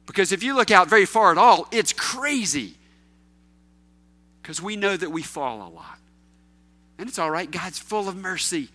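A man preaching a sermon to his congregation, swinging between loud emphatic questions and quiet low asides. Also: animated, moderate pace, long pauses. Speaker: pastor.

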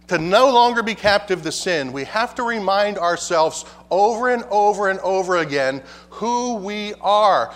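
High-voiced preacher in a reverberant hall. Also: male voice, fairly bright tone. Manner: emphatic preaching with rhetorical questions. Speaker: pastor. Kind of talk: sermon.

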